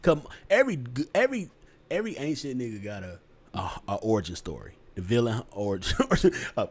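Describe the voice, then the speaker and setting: A man's voice: medium pitch, lively intonation, brisk, husky. A man hosting a podcast, giving blunt, profane relationship advice in casual chat. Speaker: podcast host.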